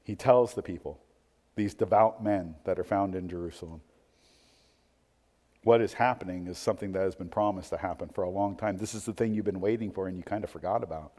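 A man's voice: deep voice, brisk. Preaching man in a reverberant hall. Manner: swings from quiet musing to loud, emphatic preaching; asks rhetorical questions. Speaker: pastor. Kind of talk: sermon.

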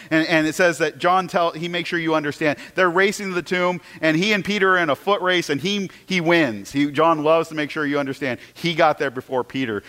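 Animated preacher with a high-ish voice. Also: male voice. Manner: storytelling, swings from loud excitement to hushed asides, repeats words. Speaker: pastor. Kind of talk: sermon.

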